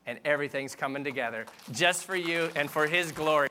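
Candid, bright-voiced male pastor preaching. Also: fairly high pitch, a little fast, hardly any pauses, slight background noise. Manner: candid, self-deprecating, conversational. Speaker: senior pastor. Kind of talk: sermon.

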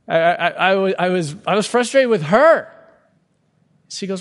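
A man preaching a sermon as pastor, earnest and emphatic, stretching key words slowly for weight. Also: high-pitched, animated. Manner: earnest, emphatic preaching with sudden slow-downs. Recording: long hall reverb.

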